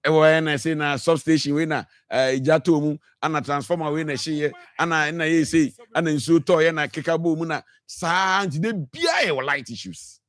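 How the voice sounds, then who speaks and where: A man's voice: fairly high pitch, fairly quick, hardly any pauses, a bit bright, dry recording, studio quality. A Ghanaian man with a Ghanaian accent arguing passionately on a radio talk show, mixing English with Twi and repeating himself as he presses his points. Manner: passionate, mixes English with Twi, frequent repetitions. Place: radio studio.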